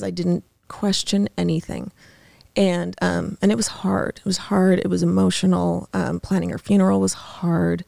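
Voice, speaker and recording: A woman in her thirties, a podcast guest in a studio, telling a painful personal story haltingly, with many fillers and restarts. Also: fairly low pitch, flat delivery, creaky, dark tone, dry recording.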